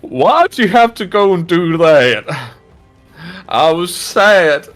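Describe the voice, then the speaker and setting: A man voicing a shirtless, bald, mustached brute with a high, whiny Southern American drawl, childish and menacing. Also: sing-song, slow, fairly bright tone, faint music behind, full character voice. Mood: sulky.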